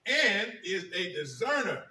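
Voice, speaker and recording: A male pastor preaching a sermon, repeating key phrases with emphasis and slowing down to read scripture. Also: high-pitched, very animated, bright, forceful tone. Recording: echoey room, mic at a distance.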